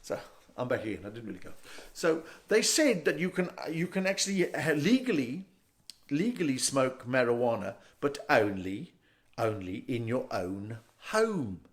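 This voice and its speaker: A middle-aged man with a South African accent performing a stand-up comedy set, an animated storyteller who jumps into loud character voices. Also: medium pitch. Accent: South African English.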